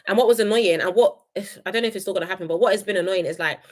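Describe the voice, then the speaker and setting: Young adult woman, casual live-stream reviewer, animated and opinionated. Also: rapid-fire. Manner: chatty and opinionated, reads viewer comments aloud; animated, jumps between high excited greetings and low asides.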